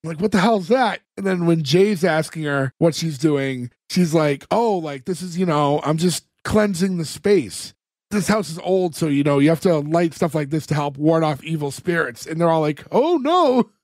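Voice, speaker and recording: A man with a fairly high voice co-hosts a podcast, walking through the plot in a loose, rambling way. He leans on fillers and slips into the characters' lines as he retells scenes. The mic is close and dry, with no room sound. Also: normal speed, a little mellow, no echo. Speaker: podcast co-host. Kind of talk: casual chat recapping a TV episode.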